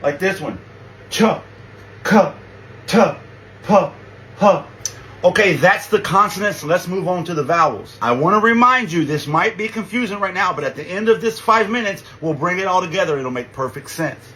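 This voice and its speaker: A man's voice: high-pitched, expressive, a little fast, few pauses, sharp tone, slight background noise, low-quality recording. A man giving a casual spoken tutorial, patient and reassuring, drawing out each letter sound. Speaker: language teacher.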